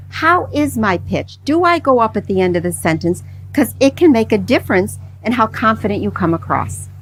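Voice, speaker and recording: A middle-aged woman gives a live workshop on presenting, talking to a room of attendees. She explains her points conversationally and often turns them into rhetorical questions for the audience. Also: a little high. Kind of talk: live workshop talk on public speaking.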